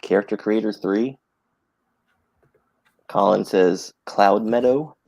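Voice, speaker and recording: A man's voice: lowish voice, slow pace, vocal fry, a little mellow. A young man co-hosting a podcast, reading out chat messages and teasing the others in a dry way. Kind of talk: casual chat.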